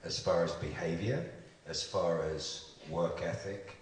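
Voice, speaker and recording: An older actor on a convention panel, bantering and slipping into mock voices, heard through the hall speakers from far off. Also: male voice, sits low, a little slow. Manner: joking, slips into mock voices. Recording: echoey hall from far off, noisy.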